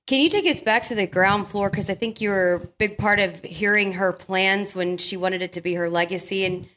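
A woman's voice: mid-range voice, moderate pace, fairly bright tone. A woman co-hosting a podcast, asking an interview guest questions in a conversational, curious way. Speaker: podcast co-host.

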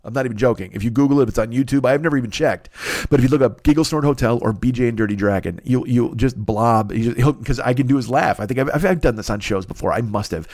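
A rapid-fire man rants his way through a comic podcast monologue, swearing constantly and slipping into mocking character voices. The sound is dry and close, with no room around it. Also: mid-range voice, darkish tone, dry recording. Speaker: podcast host. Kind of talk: profane comedic monologue. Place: his apartment.

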